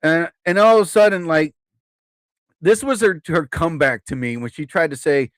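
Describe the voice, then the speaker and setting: A man's voice: on the high side, moderate pace, dry recording. A man in his fifties telling stories on a live stream in a casual, chatty way, laughing at his own jokes. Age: 50s.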